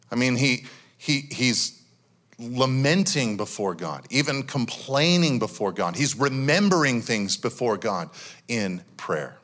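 A pastor with a mid-range voice gives a sermon in church, speaking loosely and conversationally with lots of fillers and animated bursts.

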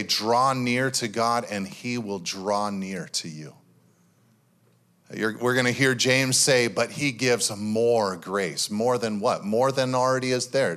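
A man pastor giving a sermon in a church, talking in a loose, conversational way with lots of fillers and animated bursts. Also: mid-range voice.

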